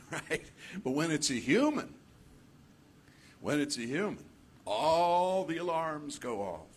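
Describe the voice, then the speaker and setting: A man giving a conversational sermon as minister, animated and playful, acting out little voices and laughing at his own jokes. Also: fairly high pitch, slow pace. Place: church hall.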